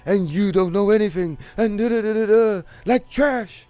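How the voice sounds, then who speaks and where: A man doing a shrill fawning hype girl. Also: moderate pace, dark tone, clean tone, dry recording, natural voice. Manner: high shrill mocking falsetto. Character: brash young woman warrior, fawning hype girl.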